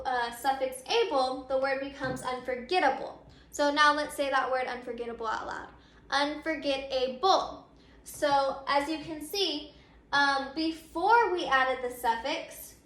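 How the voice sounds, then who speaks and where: A woman's voice: high voice, fairly bright tone. A woman teacher explaining grammar step by step, repeating her points with frequent ums. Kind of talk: recorded grammar lesson. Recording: echoey room.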